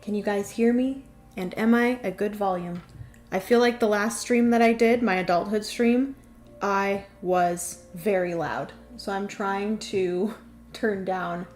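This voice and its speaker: A young woman hosting a livestream, chatting casually with viewers in a bubbly, excitable way and laughing often. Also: mid-range voice, measured pace. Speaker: livestream host. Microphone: desk microphone.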